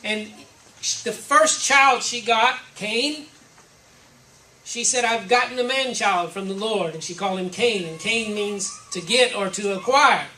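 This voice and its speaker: Speaking a little slowly in a mid-range voice, this woman preacher sounds bright and forceful as she lists examples one by one in a reflective, conversational sermon. The distant mic in the church hall picks up roomy echo, faint ambience, and slight background noise.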